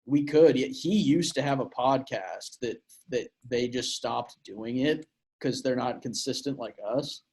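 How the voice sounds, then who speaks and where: A man's voice: medium pitch, measured pace, darkish tone, husky. A young man from Portland, Oregon, telling a story on a chatty podcast. His voice sits in the middle register, and he talks in a loose, crude, rambling way, full of filler words. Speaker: podcast co-host. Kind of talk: casual storytelling chat.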